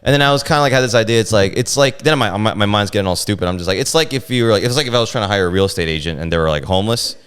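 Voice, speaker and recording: Speaking very fast with hardly any pauses, this New York comedian's lowish voice stays smooth as he shares animated stories on a relaxed podcast. As a guest, he performs the quotes in exaggerated voices.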